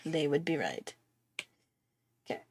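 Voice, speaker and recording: A woman's voice: low-pitched, sing-song, measured pace, a little mellow, slight background noise. A woman chatting casually while she draws on a livestream, self-mocking and laughing often. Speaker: artist hosting a drawing livestream. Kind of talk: casual chat while drawing.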